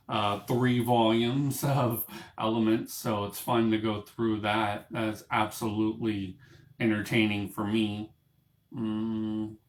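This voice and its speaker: A man hosts a small broadcast of his own, talking to camera in a casual ramble packed with fillers and false starts. His voice is lowish, and the book-lined room leaves it reverberant.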